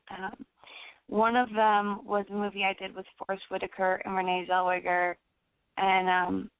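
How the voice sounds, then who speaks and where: A young American actress chatting in an interview, rambling with lots of fillers and restarts. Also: female voice, mid-range voice, creaky, fairly bright tone, no echo. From United States. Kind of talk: casual interview chat. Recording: dry tinny phone-like sound.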